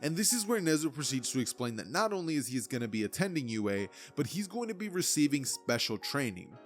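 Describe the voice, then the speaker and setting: A man's voice: mid-range voice, very animated, a little fast, soft background music. A young man casually narrating an anime fan story in a loose, chatty way full of fillers.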